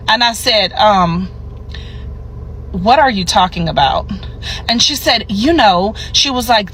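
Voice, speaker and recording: A bright, forceful woman tells a patient story with animation and acts out the quotes. Her pitch sits in a middle range. Faint vehicle noise hums somewhere behind her. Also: measured pace, low-quality recording. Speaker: healthcare worker. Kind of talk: anecdote vlog.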